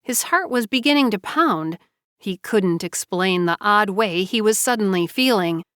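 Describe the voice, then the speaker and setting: A woman narrating a novel with even, unhurried storytelling. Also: medium pitch, no echo, studio quality. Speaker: audiobook narrator. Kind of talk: scripted narration.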